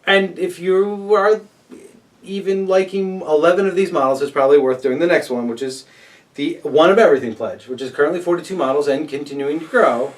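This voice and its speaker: A man with a slightly high voice co-hosts a casual chat, upbeat and chatty, sometimes tripping over names. He sits a little far from the microphone. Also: fairly quick. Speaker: co-host. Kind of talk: casual chat reviewing crowdfunding campaigns.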